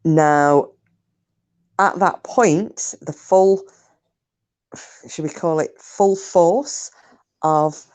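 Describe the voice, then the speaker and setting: A woman's voice: low-pitched, drawn-out words, pauses often, a little mellow. A woman telling a true paranormal story online in a chatty, digressive way. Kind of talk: casual spoken storytelling.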